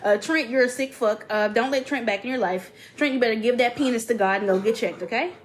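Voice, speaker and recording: A woman's voice: on the high side, fast, poor audio. A woman co-hosting a podcast, reading a listener's email aloud with dramatic emphasis and giving blunt, profane advice in casual chat. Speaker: podcast co-host.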